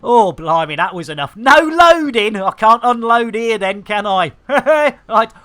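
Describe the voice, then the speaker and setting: A man's voice: high voice, expressive, a little slow, sharp tone, smooth. A man streaming a game live, chatting in a bawdy, theatrical, rambling way. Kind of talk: cheeky live-stream chat.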